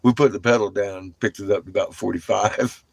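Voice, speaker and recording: A man's voice: fairly low pitch, steady tone, a little fast, creaky, no echo. A middle-aged man telling a rambling, casual story, swearing freely and laughing often. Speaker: vlogger.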